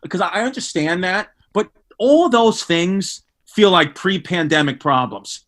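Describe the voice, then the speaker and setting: A man with a New York accent, a comedian guest on a podcast, telling crude stories in a brash, animated way. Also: high-pitched, a little slow. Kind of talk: casual comedic storytelling.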